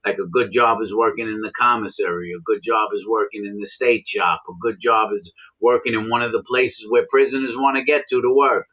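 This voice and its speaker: A man's voice: fairly low pitch, fairly even intonation, a little fast, hardly any pauses, bright, forceful tone, rough recording. A man who served time in prison, talking bluntly and repeating his points for emphasis. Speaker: former prisoner explaining prison life. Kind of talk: casual monologue to camera.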